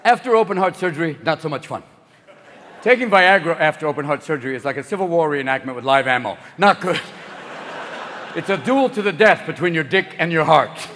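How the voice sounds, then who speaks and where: A man's voice: fairly high pitch, lively intonation, fairly bright tone, big-room sound, slight background noise. A man in his fifties performing a profane, manic stand-up comedy routine on stage. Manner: manic, profane, rapid shifts into voices. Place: stage before a live audience.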